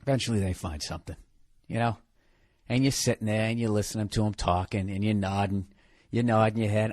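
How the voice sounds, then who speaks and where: A man's voice: mid-range voice, sing-song, a little fast, no echo. A man hosting a podcast, ranting in a profane, comedic monologue. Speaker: podcast host.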